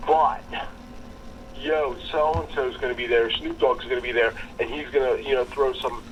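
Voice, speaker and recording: A man's voice: medium pitch, steady tone, normal speed, fairly bright tone, a little hiss or hum. Rambling storytelling man, dull lo-fi sound. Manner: rambling storyteller, acts out quoted people. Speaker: podcast co-host. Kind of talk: casual chat.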